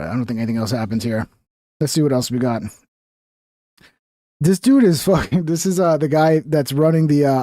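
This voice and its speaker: A man's voice: a little high, dark tone, no echo, studio quality. A young man giving heated, profane commentary while reacting to news clips. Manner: heated, profane, exasperated ranting.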